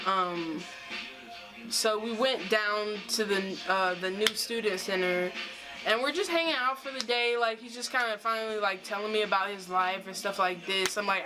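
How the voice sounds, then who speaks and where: A woman's voice: medium pitch, moderate pace, over music, poor audio. Young woman rambling in a storytime vlog. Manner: rambling, full of "like" and restarts. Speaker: vlogger.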